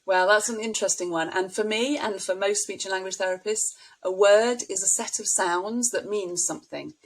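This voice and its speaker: A woman's voice: mid-range voice, moderate pace, low-quality recording. Brief: middle-aged woman, speech therapist guest, explains patiently with examples. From United Kingdom. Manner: warm explanatory, models child talk with anecdotes. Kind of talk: podcast interview.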